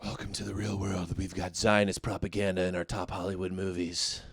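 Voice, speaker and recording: A man's voice: low voice, flat delivery, breathy edge, dry recording, clean studio sound, soft background music. A man hosting a live commentary show, reacting to clips in a mocking, sarcastic way. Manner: mocking, sarcastic, quick asides. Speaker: show host.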